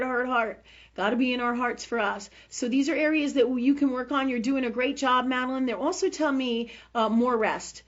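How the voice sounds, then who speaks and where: A woman's voice: a little high, lo-fi sound. A woman hosting a live call-in show as a medical intuitive, talking in a chatty, rambling way, often asking "right?" and swearing casually. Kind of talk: live call-in spiritual health reading.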